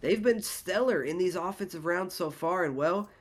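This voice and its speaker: A man's voice: sits high, moderate pace. A man with a congested voice giving analytical play-by-play commentary on a competitive shooter match. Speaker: esports caster.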